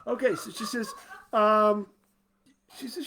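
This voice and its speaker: A man hosting his own show, telling a long joke in a halting, rambling way with many restarts. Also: sits high, lively intonation, sharp tone. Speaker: show host. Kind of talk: casual joke-telling chat.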